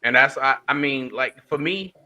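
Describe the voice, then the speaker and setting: A man's voice: medium pitch, normal speed, bright, forceful tone, slight background noise. A laid-back man in casual podcast chat, often restarting his sentences.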